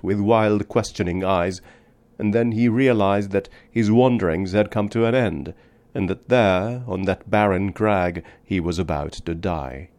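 A man narrating a book in a measured, deliberate reading. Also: lowish voice, a little mellow. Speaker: audiobook narrator. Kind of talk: scripted narration.

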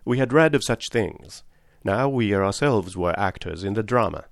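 Low-voiced man narrating an audiobook. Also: animated, vocal fry, no room sound, studio quality. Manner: measured, deliberate reading. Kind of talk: scripted narration.

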